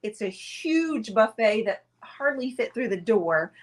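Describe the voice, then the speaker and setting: Speaking unhurriedly in a slightly high, expressive voice, a woman runs a casual painting livestream. She's seated near the camera at a table indoors, not her normal setup, rambling chattily to her audience.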